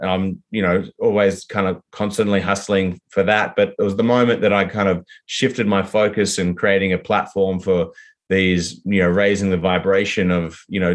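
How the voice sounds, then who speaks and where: An Australian actor, guesting in a relaxed, casual interview, talks about his work in a fairly low voice. His answers ramble, packed with fillers, restarts and loose asides.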